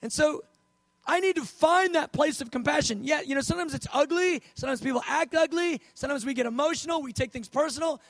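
A man preaching a sermon in a conversational, storytelling way, slowing down to stress key words. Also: extremely high pitch, a bit bright, no echo.

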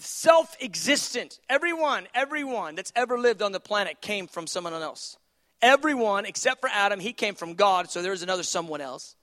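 Male preacher, high voice, passionate sermon delivery, conversational, moves between quiet asides and big emphatic peaks. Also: expressive, moderate pace. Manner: passionate, swings from hushed asides to loud emphatic declarations; chuckles often while preaching. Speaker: pastor.

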